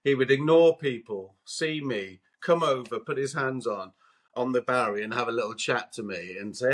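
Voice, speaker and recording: Sex: male. Role: podcast guest and co-host. Style: anecdotal storytelling. Pitch: mid-range. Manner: animated, acts out quotes. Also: brisk.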